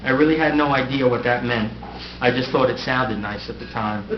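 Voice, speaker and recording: A man's voice: mid-range voice, fairly even intonation, normal speed. Wry middle-aged man giving a farewell speech. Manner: wry, self-deprecating humor. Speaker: outgoing mayor. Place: council chamber dais. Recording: echoey, dull, noisy room recording.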